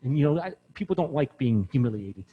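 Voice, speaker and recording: A man giving an informal university lecture in an animated, rambling way, often breaking off mid-word. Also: mid-range voice, quick pace, husky, in a large hall, phone-quality sound. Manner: animated, rambling, self-interrupting. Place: classroom.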